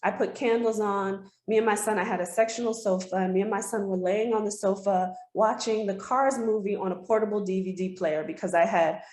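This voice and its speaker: A woman's voice: medium pitch, fairly even intonation, a little fast, few pauses, darkish tone. A woman giving a heartfelt personal testimony as an interview guest, telling her story earnestly. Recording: roomy echo.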